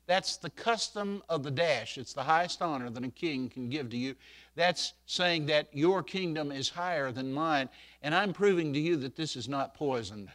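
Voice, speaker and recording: Folksy older man preaching, bright voice. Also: fairly high pitch, lively intonation, moderate pace. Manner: folksy storytelling, swells loud on scripture quotes. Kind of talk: sermon.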